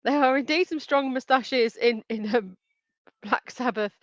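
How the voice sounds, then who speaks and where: A woman's voice: fairly high pitch, a little slow, no room sound, highs cut off. A woman hosting a live online quiz, reading out answer options and names in a chatty way and giggling often. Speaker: quiz host.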